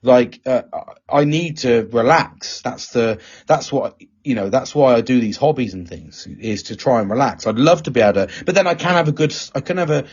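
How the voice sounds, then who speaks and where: Male podcast host, husky, sweary storyteller, dull lo-fi sound. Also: medium pitch, lively intonation, normal speed, a little mellow. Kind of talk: casual chat. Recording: dull lo-fi recording.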